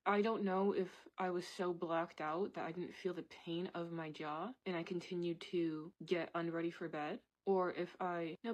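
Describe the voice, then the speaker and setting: A woman's voice: on the low side, darkish tone, low-quality recording. A young woman telling a personal story in a candid, chatty way, with lots of "like" and "literally". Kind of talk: casual storytime monologue.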